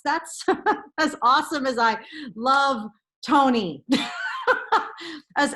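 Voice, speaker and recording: Brief: middle-aged woman, parenting counsellor, higher-pitched voice, earnest and emphatic motivational delivery. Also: a bit bright. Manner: earnest, emphatic, repeats key phrases.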